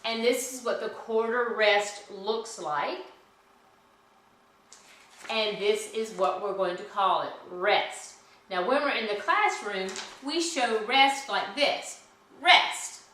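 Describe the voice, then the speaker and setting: A woman's voice: medium pitch, slow, fairly bright tone. A woman teaching a children's music lesson, cheerful and patient, chanting rhythm syllables. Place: indoor room at home. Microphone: camera some distance away. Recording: very echoey room, mic far off, noisy.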